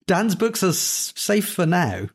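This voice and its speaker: A man's voice: high-pitched, very animated, measured pace, slightly rough. A man in his fifties, a podcast panelist telling stories in a dry, wry way. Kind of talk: casual chat.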